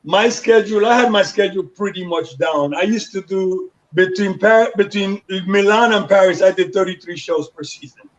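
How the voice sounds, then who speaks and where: High-voiced Panamanian man telling stories. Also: normal speed, hardly any pauses. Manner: animated storyteller acting out quoted voices. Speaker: guest. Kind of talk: storytelling interview. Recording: dull lo-fi sound.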